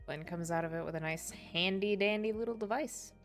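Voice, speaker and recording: A woman's voice: medium pitch, a little fast, soft background music. A woman narrating as game master in a casual, matter-of-fact way.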